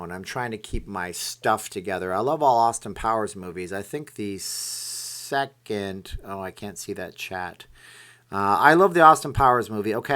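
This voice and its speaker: A man's voice: fairly low pitch, a bit bright. A man hosting a casual live stream, rambling as he reads viewer comments aloud and answers them.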